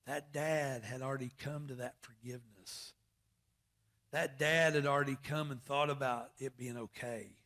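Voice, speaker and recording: A man's voice: mid-range voice, a bit bright. A man preaching a sermon in a plainspoken, folksy storytelling manner. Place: church service.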